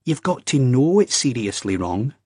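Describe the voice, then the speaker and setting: A man voicing an anxious, earnest young Scottish man who talks in a halting, hesitant way, with a Scottish accent. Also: medium pitch, sing-song, a little mellow, husky, no room sound, studio quality, voice pushed up. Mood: earnest reasoning. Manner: hesitant, halting, drawn-out reasoning.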